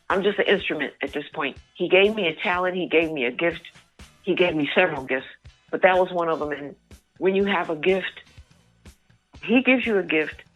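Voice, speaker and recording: Woman, earnest, fairly low voice, dull lo-fi radio line, faint music behind. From New York. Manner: earnest, warm-hearted, speaks of faith. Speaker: singer, interview guest. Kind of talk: phone-in radio interview.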